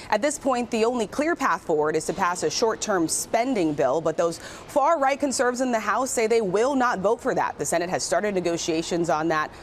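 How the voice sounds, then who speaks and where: Low-voiced woman news correspondent. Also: slight background noise. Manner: measured, factual delivery. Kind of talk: broadcast news report.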